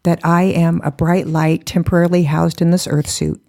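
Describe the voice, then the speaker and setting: Podcast guest, woman, gravelly, mellow tone, earnest and expressive storyteller. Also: lowish voice, normal speed. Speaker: podcast guest, speaker and spiritual teacher. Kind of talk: animated personal storytelling.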